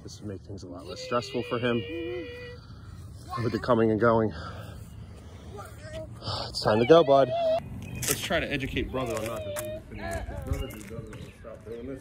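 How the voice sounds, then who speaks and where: A father filming a vlog at a playground, sternly scolding his kids and muttering exasperated asides to the camera on a handheld phone. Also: medium pitch. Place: outdoor playground.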